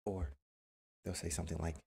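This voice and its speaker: A man's voice: sits low, little pitch movement, brisk, gravelly, mellow, husky. A man streamer giving casual, emphatic advice, repeating himself and acting out quoted remarks. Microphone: webcam mic.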